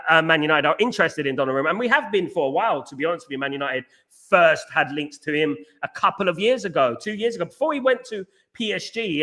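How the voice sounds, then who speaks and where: This man from London runs a football fan livestream, casually reading and responding to viewer comments in a meandering, repetitive way with fillers and false starts. His voice is bright and forceful, a bit high for a man, and turns combative as he pushes back.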